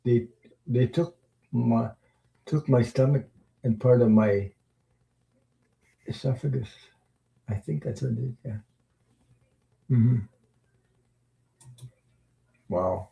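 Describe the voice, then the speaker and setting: A man hosting a tarot livestream, chatting casually with viewers in a rambling, halting way, with many fillers and chuckles. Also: medium pitch, vocal fry, dark tone, rough recording. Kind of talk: casual livestream chat reading viewer comments.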